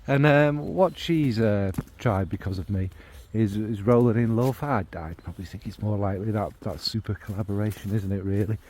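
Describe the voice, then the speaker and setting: A man's voice: lowish voice, normal speed, hardly any pauses, slight background noise. Rambling man chatting about perfume. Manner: rambling, warm and enthusiastic about scents. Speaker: fragrance vlogger. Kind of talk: casual rambling chat to camera.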